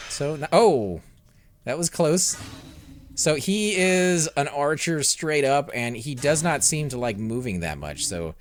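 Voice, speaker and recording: A young man hosting a let's play, commentating his fights and chatting with viewers, growing loud and excited during combat. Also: fairly high pitch, slow, slight background noise. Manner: excitable, reacts loudly to in-game fights, talks to chat. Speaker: gaming channel host.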